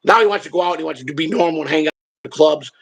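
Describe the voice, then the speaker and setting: A man's voice: fairly high pitch, very fast, vocal fry, fairly bright tone, slightly rough. A man hosting a live stream, telling stories in a rambling, blunt and profane way. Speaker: streamer and show host. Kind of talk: casual storytelling on a live stream.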